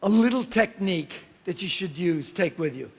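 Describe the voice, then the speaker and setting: A man giving a motivational keynote speech at a business conference, telling stories and acting out the voices and shouts of the people in them. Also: high-pitched, normal speed, vocal fry. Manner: animated storytelling with acted-out voices and shouts. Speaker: keynote speaker. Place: conference hall.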